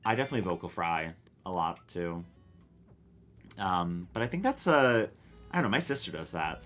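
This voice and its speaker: Male streamer, lowish voice with a bright, sharp edge, wry and rambling over soft game music. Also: expressive, moderate pace. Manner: rambling, self-questioning, wry, casual swearing. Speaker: live streamer. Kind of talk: casual gameplay chat, reading chat.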